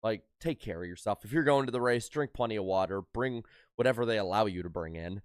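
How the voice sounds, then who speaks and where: In clean studio sound with no echo, a man on the low side, clear and resonant, hosts a casual race recap podcast. Still slightly worn from a concert, he rattles off results quickly with frequent "uh"s.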